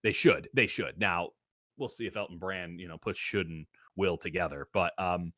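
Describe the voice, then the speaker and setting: A man's voice: sits low, moderate pace, bright, forceful tone, no room sound, studio quality. A man hosting a sports betting show, giving his picks in casual talk and riffing with comic exaggeration. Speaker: sports betting podcast host.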